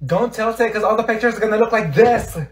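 A vain, exasperated teen girl, played by a man in a comedy skit. She barks orders at her friend in a high, sharp voice. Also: fast, echoey room, lightly acted. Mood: demanding, exasperated. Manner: demanding, exasperated. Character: vain bossy teen girl demanding photos.

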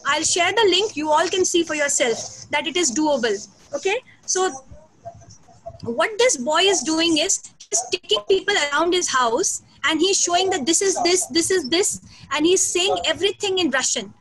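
A woman giving a fast, energetic online lecture to teachers over a video call. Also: extremely high pitch, poor audio. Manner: fast, energetic, emphatic delivery. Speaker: guest lecturer. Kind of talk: online teacher training talk.

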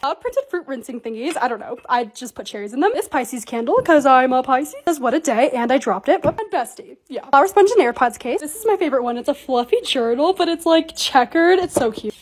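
A young woman narrating her own videos as a creator, bubbly and gushing as she shows off things she bought. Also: sits high. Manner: bubbly, gushing, quick and excitable. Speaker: TikTok creator. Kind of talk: casual vlog voice-over.

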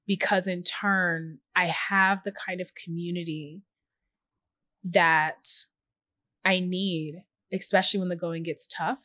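A woman guest on a podcast, talking earnestly and reflectively with lively quoted asides. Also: on the low side, no echo. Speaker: podcast guest, tech journalist and founder. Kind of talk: reflective conversational interview.

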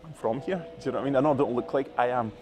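A man with a broad Scottish accent talking in an interview, quick and emphatic, leaning on "you know". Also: medium pitch, fairly even intonation. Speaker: rapper. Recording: street noise behind.

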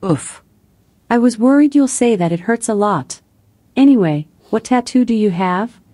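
A woman's voice: a little high, lively intonation, moderate pace, mellow, no room sound. A synthetic woman's voice, a voice assistant giving scripted chatty replies in an evenly cheerful tone.

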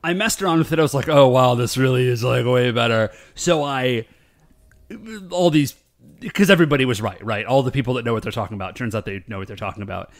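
A man co-hosting a podcast in casual chat, animated and rambling, full of fillers. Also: medium pitch, fast. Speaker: podcast co-host.

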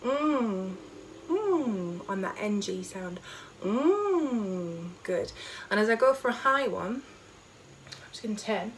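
A woman choir leader, teaching an online vocal warm-up from home and demonstrating high sung notes. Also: animated, unhurried, a little hiss or hum. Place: home during lockdown.

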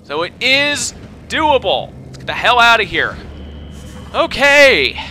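Loud, bright-voiced young man yelling at a game. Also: very high-pitched, takes it slowly, soft background music. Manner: frustrated outbursts, shouting and swearing at the game; calm explaining of tactics. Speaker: gamer commentating his own play. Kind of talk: let's play commentary.

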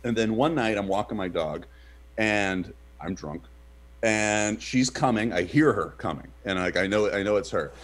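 A man co-hosting a casual podcast, telling a story with lots of fillers and loud, shouted reenactments of what people said. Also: on the low side, normal speed. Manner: animated, shouts in reenacted quotes. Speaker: podcast co-host.

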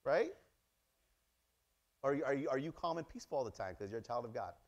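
A male pastor preaching a sermon, acting out little dialogues and swinging between loud exclamations and quiet asides. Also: medium pitch, very fast, gravelly. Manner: animated, acts out dialogues in many voices. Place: church.

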